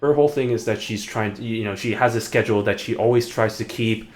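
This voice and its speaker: A man's voice: lowish voice, quick pace. A man streaming and chatting casually, rambling and hesitating as he corrects himself mid-sentence. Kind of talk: casual live-stream commentary.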